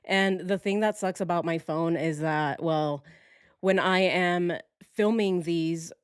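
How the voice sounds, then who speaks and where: A woman's voice: fairly low pitch, smooth, no room sound, studio quality. A woman hosting a true crime live stream from home, chatting casually and animatedly with her viewers, recorded on her phone. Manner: chatty and animated, quick asides and self-correcting. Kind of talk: casual chat to a live audience.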